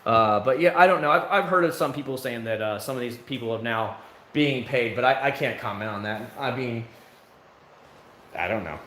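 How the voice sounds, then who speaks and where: A man's voice: medium pitch, moderate pace, bright, forceful tone, roomy sound, a little hiss or hum. Rambling man chatting on a livestream. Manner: rambling, candid, filler-heavy. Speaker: livestream host. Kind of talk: casual chat answering viewers. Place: outside his home.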